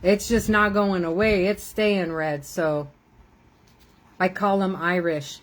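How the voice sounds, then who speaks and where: A woman's voice: lowish voice, fairly even intonation, slow pace, rough recording. An older woman, a grandmother, chatting casually and rambling while she crafts on a live stream, laughing often.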